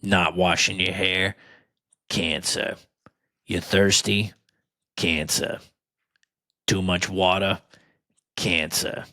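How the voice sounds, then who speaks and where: A man voicing a gravel-voiced chain-smoking man in a deep smoker's rasp, flatly repeating a doomsaying line. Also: drawn-out words, pauses often, dry recording, studio quality, heavily acted. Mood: deadpan doom. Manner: flat doomsaying repetition.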